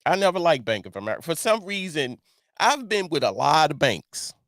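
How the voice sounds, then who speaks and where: A middle-aged man hosting a casual commentary show, talking in an animated way, repeating himself and firing off rhetorical questions. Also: fairly high pitch, brisk, no echo, clean studio sound. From Baltimore. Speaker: online show host.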